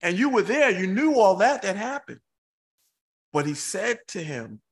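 Male preacher, unhurried scripture reading, dramatic pauses, light voice. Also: high-pitched, creaky. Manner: excitable asides.

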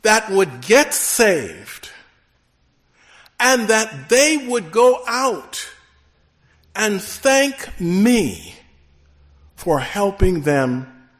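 A man's voice: sits high, big pitch swings, fairly bright tone. A man preaching a sermon in church, emphatic and calling out to the congregation. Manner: slow, emphatic preaching with rising calls to the congregation.

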